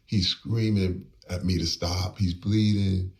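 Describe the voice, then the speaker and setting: Deep, gravelly man telling a story. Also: steady tone, takes it slowly, darkish tone, far from the mic. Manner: emphatic, acts out quoted lines, pitch swings up when stirred. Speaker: interview guest. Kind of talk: emotional personal storytelling.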